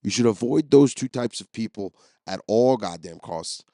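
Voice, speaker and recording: A man's voice: on the low side, animated, moderate pace, dark tone, no echo, clean studio sound. A man hosting a podcast, telling rambling, profane, jokey stories as a comedic solo monologue. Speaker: podcast host.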